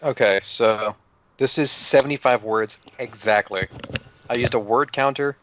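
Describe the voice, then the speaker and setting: A man's voice: medium pitch, a little slow, fairly bright tone, dull audio. A man playing a tabletop game, asking careful rule questions in casual chat. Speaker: player.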